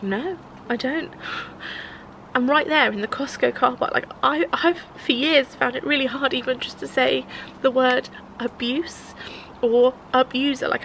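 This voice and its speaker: A woman in her thirties recounting a painful encounter in a vlog, halting and close to tears, with many fillers and restarts. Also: sits high, creaky, fairly bright tone, a little hiss or hum, poor audio. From England. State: tearful. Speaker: vlogger. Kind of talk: tearful confessional vlog.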